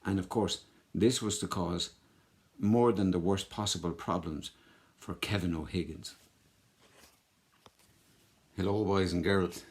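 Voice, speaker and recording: Man explaining history to kids. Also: sits low. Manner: relaxed, halting, with many fillers. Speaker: children's history presenter.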